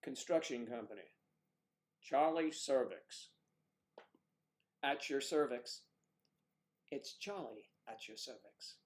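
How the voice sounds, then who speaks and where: Here the livestream co-host, a middle-aged American, sounds animated yet unhurried, his pitch mid-range. He goes through viewer comments in casual chat, calling people out by name with off-color jokes.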